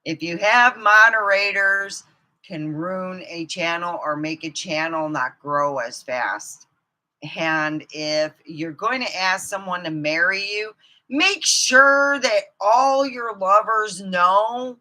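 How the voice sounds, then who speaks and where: A woman ranting profanely to her camera, swinging from low muttering to outbursts of shouting. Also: slow. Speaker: vlogger. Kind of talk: angry ranting monologue.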